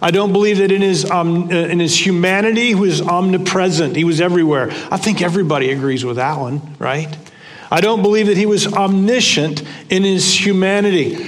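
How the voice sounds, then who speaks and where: A man's voice: high voice, fairly quick, long reverb tail. An older man preaching a conversational sermon to his church, repeating phrases for emphasis. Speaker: pastor. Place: church sanctuary.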